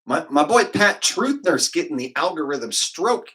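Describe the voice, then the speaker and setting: A man's voice: a little high, very animated, a little slow, bright, forceful tone, husky. A man hosting a casual livestream, rambling loosely and dropping "man" and "like" as he talks. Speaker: livestream host.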